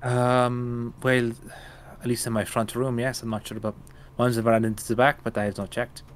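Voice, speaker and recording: A man voicing a shaken male jeweler who has just been robbed, speaking haltingly in a tabletop game. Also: medium pitch, level tone, slight background noise, natural voice. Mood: flustered. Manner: halting, flustered.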